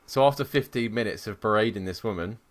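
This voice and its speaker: Male podcast co-host, lowish voice, sweary animated storyteller. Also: quick pace. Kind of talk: casual chat.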